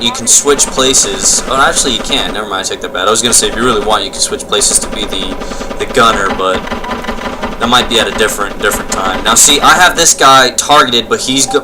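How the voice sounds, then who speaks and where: A young man giving casual let's-play commentary, explaining as he plays and often correcting himself mid-sentence. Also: medium pitch. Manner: rambling, self-correcting, explanatory. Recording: faint game noise behind.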